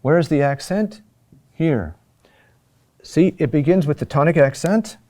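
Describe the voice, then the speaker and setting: A middle-aged man teaching a class on chant, speaking deliberately with many pauses and fillers. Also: a little high, lively intonation, warm tone. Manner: slow and deliberate, with frequent "uh" pauses. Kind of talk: classroom lecture.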